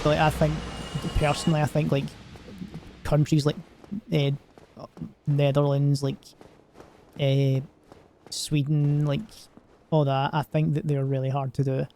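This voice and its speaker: A male game streamer chats loosely as he plays, wandering off into jokes and padding his talk with fillers. His voice sits a little high but sounds soft and mellow. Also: flat delivery, a little slow, pauses often. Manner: rambling and joking, lots of filler words. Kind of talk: casual gaming stream commentary.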